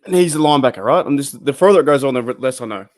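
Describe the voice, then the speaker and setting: An Australian man co-hosting a live-stream watch party, joking around and firing off quick questions. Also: mid-range voice, lively intonation. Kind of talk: casual live-stream chat.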